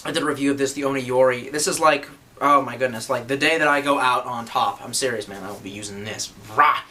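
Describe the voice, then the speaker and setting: Bright-voiced young man, profane rambling vlog. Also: medium pitch, quick pace. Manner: profane, joking, self-deprecating, rambling. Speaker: YouTuber reviewing swords. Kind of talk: casual rambling vlog review. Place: room at home, indoors.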